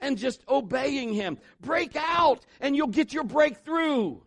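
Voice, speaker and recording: A man's voice: extremely high pitch, animated, takes it slowly, vocal fry, a bit bright, dry recording. A man preaching a sermon in church, mixing jokes and acted-out quotes into his message. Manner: joking asides, voices quotes. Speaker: pastor.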